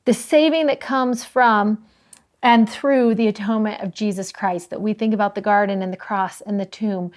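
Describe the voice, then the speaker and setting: A woman co-hosting a scripture study discussion, telling stories earnestly and slowing down to stress key words. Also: medium pitch, fairly even intonation. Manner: earnest, warm storytelling with slowed emphasis. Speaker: co-host of a scripture study show.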